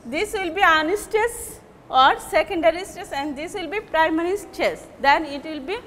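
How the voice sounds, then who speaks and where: A woman with a Bangladeshi English accent, giving a classroom lecture on word stress in slow, halting phrases and repeating example words. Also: very high voice, fairly bright tone, long reverb tail, slight background noise. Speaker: English teacher.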